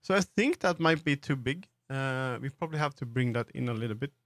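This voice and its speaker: A man with a Swedish accent streams while building in 3D, chatting casually and rambling with plenty of fillers and restarts. His medium-pitched voice is lively in intonation, brisk, and a bit bright. The studio-quality recording has no echo.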